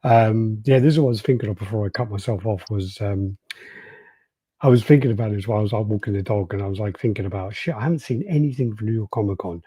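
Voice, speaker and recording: A man's voice: lowish voice, fast, mellow, slightly rough, no echo. A man co-hosting a podcast, laid-back and jokey, greeting live chat and chatting casually. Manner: laid-back, jokey, does silly impressions. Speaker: podcast co-host.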